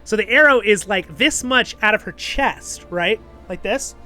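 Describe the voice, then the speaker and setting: A man talks through a review in a loose, rambling way, tossing in fillers and asking "right?" as he goes. His voice sits high and sounds bright and forceful. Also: expressive, a little slow, soft background music. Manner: chatty, rambling, filler-heavy with frequent "right?" checks. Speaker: host and show reviewer. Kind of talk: casual spoken review.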